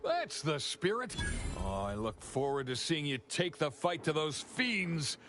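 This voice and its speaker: A chipper male corporate publicist from a video game, talking with a chatty salesman's bounce. His voice sits fairly high and moves a lot. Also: very animated, unhurried, background noise.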